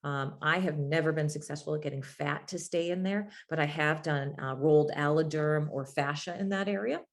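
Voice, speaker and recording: Female laryngologist, low voice, lecturing with frequent fillers. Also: moderate pace. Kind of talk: medical grand rounds lecture.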